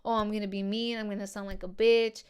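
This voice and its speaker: A woman's voice: mid-range voice, level tone, quick pace, a little mellow, clean tone. A woman hosting her own podcast, telling a personal story in casual slang and swearing freely as she talks to her listeners. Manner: heavy swearing and slang, addresses listeners as dude and girls. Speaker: podcast host.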